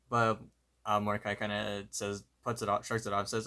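Man, podcast co-host, lowish voice, bright edge, loose chatty recap. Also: level tone, moderate pace. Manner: loose, filler-heavy narration with quoted lines. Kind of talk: casual episode recap.

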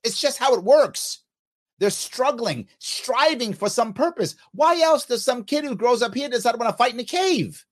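Animated, high-pitched man. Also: moderate pace. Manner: animated, emphatic, repeats points for emphasis. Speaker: podcast host. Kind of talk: solo commentary responding to listener comments.

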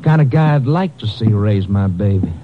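A man's voice: on the low side, lively intonation, faint music behind, lightly acted. A man playing a drawling sly blackmailer. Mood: sly menacing. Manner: slow folksy drawl, sly and threatening. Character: drawling menacing young male blackmailer. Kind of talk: vintage radio drama acting. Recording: muffled old radio recording.

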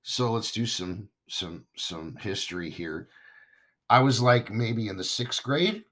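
A man with a rather low, raspy voice hosts a podcast in a relaxed, talkative monologue. He sounds hoarse, still recovering from losing his voice. He speaks to his listeners with warm enthusiasm. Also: slow pace. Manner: chatty, enthusiastic, talks straight to listeners. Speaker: podcast host.

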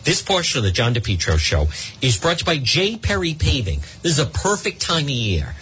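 A middle-aged man talks on his radio show in a rambling, mock-exasperated way. His pitch leaps around with lively swings as he needles listeners. A faint hum of ambience sits under the studio mic. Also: brisk. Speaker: radio talk show host. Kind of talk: talk radio monologue with live ad reads.

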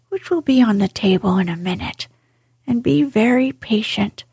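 A woman's voice: fairly high pitch, no room sound, heavily acted. Sensible, good-natured rat; woman reader, airy near-whisper, dry close recording. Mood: patient. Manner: soft, breathy whispered reading. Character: sensible, reproachful male water rat.

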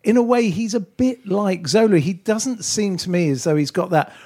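A man's voice: sits high, normal speed, a little mellow. A man hosting a casual football podcast chat, talking in a chatty way. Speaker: podcast host.

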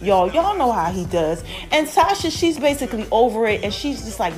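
A woman giving a casual, animated recap of a TV episode, talking straight to her listeners and acting out the characters' lines. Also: faint music behind. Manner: chatty, animated, addresses listeners as y'all; acts out characters' lines with quick pitch jumps. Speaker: TV recap host.

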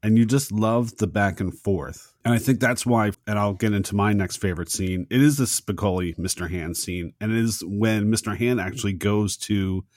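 A man with a fairly low voice chats about a favorite movie scene in an easygoing, agreeable way. The recording is dry, with no room sound. He tells the story at a relaxed, conversational pace. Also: normal speed, hardly any pauses, no room sound. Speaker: podcast co-host. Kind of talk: casual movie discussion.

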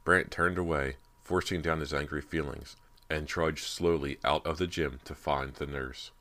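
A man reading a spooky teen novel aloud as an audiobook narrator, in steady, measured storytelling. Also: extremely low pitch. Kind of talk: scripted narration.

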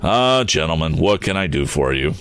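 A man's voice: a bass voice, sing-song, normal speed, a bit bright, clean tone, heavily acted. A man voicing an aged inventor and father in a read-aloud story, flustered and indignant, protesting with stammering outrage. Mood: surprised. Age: older. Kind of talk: audiobook character voice.

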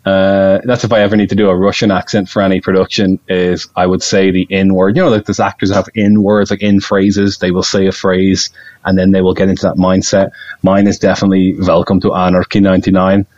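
Rambling, excitable male podcast guest with a low voice; recorded on dull, lo-fi audio. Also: brisk. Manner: excitable, rambling, laughs often. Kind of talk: casual podcast chat.

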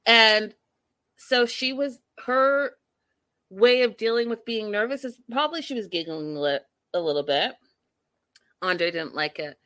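A woman talks straight to her viewers, recapping a reality show with blunt, exasperated commentary and plenty of swearing. Her voice is bright and forceful, with a close, dry sound and no room echo. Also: fairly low pitch. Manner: acts out quoted people with sudden loud bursts. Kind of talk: casual recap chat to viewers.

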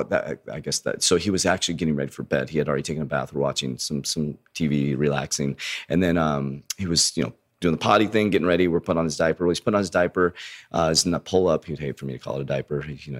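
A man telling a personal story in an earnest, profane way with a slight lisp from an injured tongue, calling his listeners warriors. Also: sits low. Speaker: motivational speaker.

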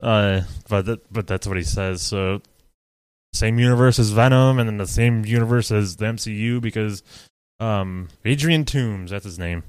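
Laid-back, low-voiced podcast co-host man. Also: normal speed, a little mellow, smooth, dry recording. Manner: laid-back, swears freely, trails off mid-sentence. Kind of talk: casual chat.

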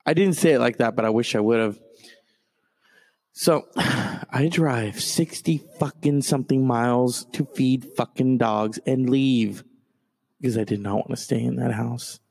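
A man doing stand-up storytelling, profane and animated, jumping from loud outbursts to low mutters. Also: measured pace, vocal fry.

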